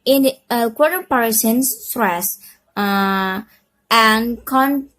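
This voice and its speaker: A young woman gives a class presentation in a fairly high voice. She reads slowly and haltingly, pausing on fillers and correcting herself as she goes. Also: fairly bright tone. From Indonesia. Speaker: student presenter.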